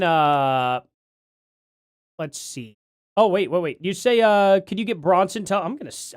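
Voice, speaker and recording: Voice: medium pitch, no room sound, studio quality. A livestream host chatting casually from home, rambling and correcting themself while reading out donations. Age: adult parent.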